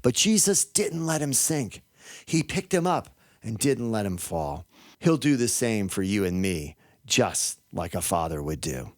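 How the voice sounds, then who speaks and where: A male podcast host, a father of four, reading scripted faith narration in a gentle storytelling manner. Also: lowish voice, sing-song, a little slow, no echo. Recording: dry studio voice with soft music behind.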